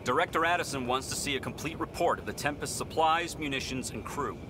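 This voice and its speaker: A man's voice: mid-range voice, expressive, a little fast, lightly acted. An actor playing a harried, rule-bound dock worker and worried father in a video game, speaking nervously. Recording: game audio with loud noise.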